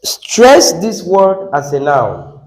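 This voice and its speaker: Nigerian guy teaching a class, high lively voice, echoey room. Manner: questioning students, repeating words slowly. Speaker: English teacher. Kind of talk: classroom lesson.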